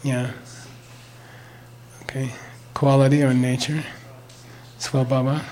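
Here the older man's voice sits on the high side, with fairly even intonation and a somewhat dark tone. Unhurried and careful, he explains a mantra's sounds and meaning, spells and repeats words, and checks in with "okay?" each time.

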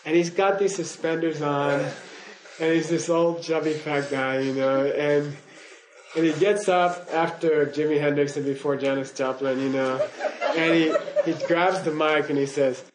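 A man's voice: fairly high pitch, fairly even intonation, unhurried, slight background noise, rough recording. Older man lecturing with rambling asides. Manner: digressive storytelling, frequent "okay?" and "you know?" check-ins; chuckles while telling stories. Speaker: teacher. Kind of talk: lecture to students.

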